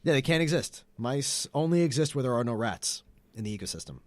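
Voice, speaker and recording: A man's voice: mid-range voice, lively intonation, fairly quick, no echo. A man on a podcast, chatting casually and insisting on his point, telling stories with emphasis. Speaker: podcast host. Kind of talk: casual chat.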